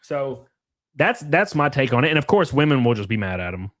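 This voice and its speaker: A man's voice: mid-range voice, sing-song, brisk, fairly bright tone, dry recording. Casual man chatting on a dry close mic. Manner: loose and rambling, frequent laughs and crude asides. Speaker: streamer reacting with chat. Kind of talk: casual livestream chat.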